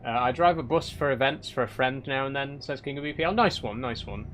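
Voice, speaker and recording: A young man answers his live chat in a dry, rambling way, and often feigns exasperation. His voice sits at an everyday middle pitch. Faint game engine noise hums behind him. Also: fairly quick, fairly bright tone. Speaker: streamer reading live chat. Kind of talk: casual live-stream chat while driving a truck game.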